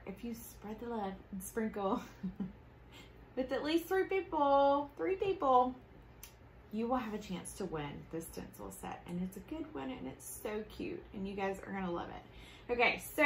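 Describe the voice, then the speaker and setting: A woman's voice: medium pitch, normal speed, gravelly, pushed and bright, slight background noise. Bubbly Southern woman hosting a craft demo. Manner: bubbly, chatty, laughs often. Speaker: host. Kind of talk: casual live craft demo. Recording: echoey room with faint ambience.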